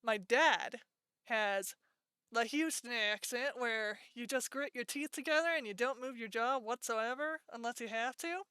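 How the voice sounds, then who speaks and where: A woman's voice: fairly high pitch, a little slow, pushed and bright, clean tone, dry recording. A woman from Texas with a North Texas accent tinged with Michigan, chatting playfully on a live stream and laughing often. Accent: North Texas with Michigan traces. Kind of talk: casual chat on a live stream.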